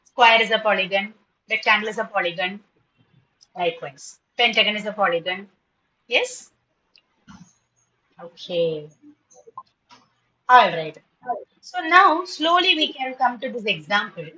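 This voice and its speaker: A woman teaching an online English class, patiently spelling words and repeating them slowly. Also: medium pitch, bright, forceful tone, muffled recording.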